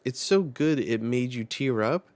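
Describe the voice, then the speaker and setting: Guy putting on a happy young musician voice, higher and louder than his own, laughing and friendly, manga read-aloud. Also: animated, a little slow, no room sound, close to an everyday voice. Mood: cheery.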